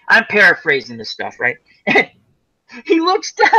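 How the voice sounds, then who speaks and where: High, lively, bright-voiced rambling man. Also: measured pace, breathy edge, poor audio. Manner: rambling, animated storyteller. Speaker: co-host. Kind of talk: casual chat, retelling movie scenes.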